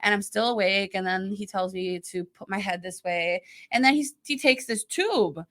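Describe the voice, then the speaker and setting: Woman co-host, bright and crisp, storytelling with lots of "I'm like". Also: medium pitch, normal speed. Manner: animated storyteller, acts out her own past lines. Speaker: podcast co-host. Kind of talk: casual chat.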